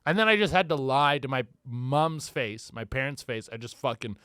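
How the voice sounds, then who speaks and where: A man's voice: mid-range voice, animated, moderate pace, pushed and bright, smooth, no room sound, clean studio sound. A young man hosting a solo comedy podcast, telling stories with lots of swearing and acted-out quotes.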